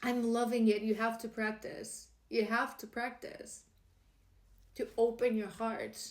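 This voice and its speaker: A woman with a fairly high voice gives an earnest, encouraging spiritual card reading. She often stumbles and restarts her phrases as she talks. The room around her sounds echoey. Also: steady tone, slow pace. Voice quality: emotional, laughing warmly at times. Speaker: tarot card reader.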